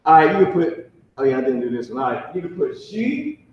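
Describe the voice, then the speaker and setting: A slightly high-voiced man leads a casual classroom lesson, speaking in loose slang and repeating each sound slowly for his students. He is recorded from across a very echoey room, and the sound comes through muffled. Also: sing-song, far from the mic, a little hiss or hum. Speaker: language teacher. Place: classroom with a whiteboard.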